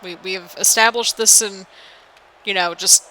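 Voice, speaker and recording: A woman's voice: medium pitch, steady tone, normal speed, sharp tone, slight background noise, low-quality recording. A young woman, a little tired, chatting in a rambling, sing-songy way as she commentates a wrestling video game for her channel. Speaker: gaming channel host.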